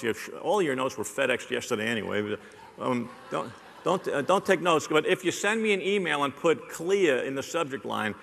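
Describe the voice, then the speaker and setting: Male keynote speaker, wry and teasing, gravelly edge, slightly high voice, long hall reverb. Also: bright, forceful tone. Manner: joking, audience-teasing, punchy repetition. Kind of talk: live conference keynote. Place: large hall on stage.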